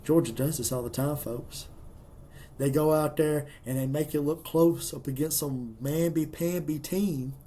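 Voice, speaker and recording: Excitable man talking football picks. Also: on the high side, a little slow. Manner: excitable, folksy, emphatic. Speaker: college football commentator. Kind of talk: casual sports picks monologue.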